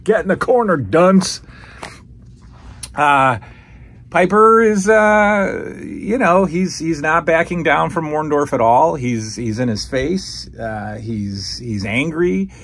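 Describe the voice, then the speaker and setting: A man giving a casual, excitable review of old wrestling footage, breaking into loud quotes of what the wrestlers say. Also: a little high, slow. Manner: excited, acts out quoted lines loudly. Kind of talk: casual commentary over footage.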